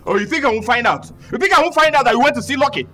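A man's voice: very high-pitched, expressive, fast talker, bright, forceful tone, full character voice. A man playing a jealous, angry boyfriend who accuses his partner. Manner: accusing, confrontational.

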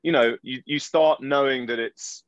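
A man's voice: medium pitch, normal speed, no echo, highs cut off. A man from London with a London English accent, an actor answering panel questions in a rambling, self-deprecating, jokey way. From London, England. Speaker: actor and guest.

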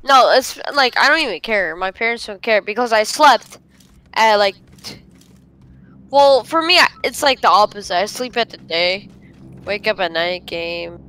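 A woman's voice: mid-range voice, lively intonation, moderate pace, bright, forceful tone, rough recording. A woman streaming a game and chatting casually with teammates, rambling with lots of fillers. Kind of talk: casual gaming voice chat.

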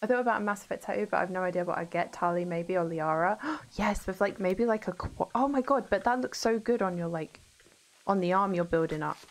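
A woman's voice: mid-range voice, fairly quick, a little hiss or hum. A young woman chatting casually to her viewers while playing a video game. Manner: chatty, talks to her chat between game moments. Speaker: streamer. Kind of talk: casual gameplay commentary.

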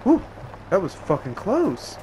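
A man giving profane, excitable running commentary while playing a game, often yelping and exclaiming. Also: high-pitched, measured pace, a little hiss or hum. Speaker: gameplay streamer. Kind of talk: let's play commentary.

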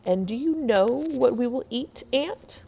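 A woman voicing a big, fat, lazy male bear who talks in a gruff, bossy way. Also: a little high, lively intonation, a little slow, dark tone, a little hiss or hum, voice pushed up. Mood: mocking. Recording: long hall reverb.

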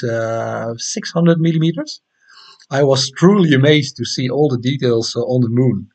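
A man with a mid-range, somewhat dark voice and a Dutch accent hosts an astronomy livestream from the Netherlands. He chats casually and reads out viewer comments, often hesitating with ums and restarting his sentences.

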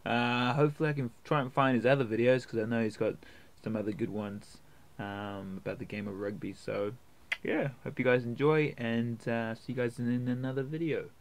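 A man's voice: medium pitch, fairly even intonation, fairly quick. A man with a New Zealand accent who hosts a reaction video and chats casually to viewers, with many ums and uhs.

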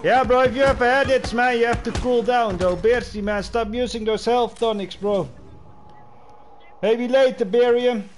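A man's voice: very high-pitched, moderate pace, a little hiss or hum. A man livestreaming a game, chatting casually and greeting players as bro. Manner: friendly, greets players, calls them bro. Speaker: game streamer.

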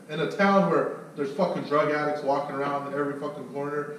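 Speaking at a moderate pace in a slightly high voice, a man coaches through a sales story, swearing freely and animatedly voicing its characters. Faint noise, room echo, and a faraway mic mark the recording.

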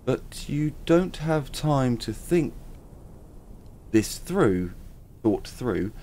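A man's voice: mid-range voice, creaky, warm tone, slight background noise. A man in a let's-play video, reading the game's text aloud and stumbling over words as he corrects himself. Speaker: gaming YouTuber.

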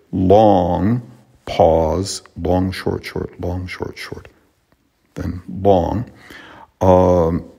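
A man teaching a Latin poem, explaining its sounds and meter in a halting way with frequent pauses and restarts. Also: sits low, vocal fry, darkish tone. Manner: halting, with many fillers and restarts. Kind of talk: explanatory lesson on poetry.

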